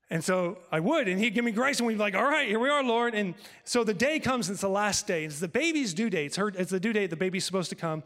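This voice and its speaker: A male pastor telling a personal story in a sermon, acting out conversations with lively shifts of voice. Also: sits high, fast, hardly any pauses, long reverb tail. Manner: animated, acts out dialogue with God and his wife.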